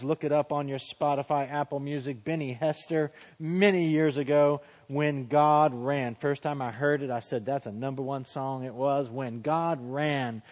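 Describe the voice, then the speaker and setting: A man, preaching a sermon and shifting dramatically into a hushed, low voice for humble quotes. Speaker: pastor. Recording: long hall reverb.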